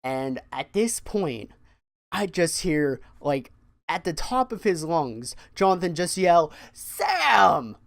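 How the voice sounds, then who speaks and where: Animated young man telling a story. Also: on the high side, takes it slowly. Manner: animated, profane, repeats words when excited. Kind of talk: casual storytime monologue.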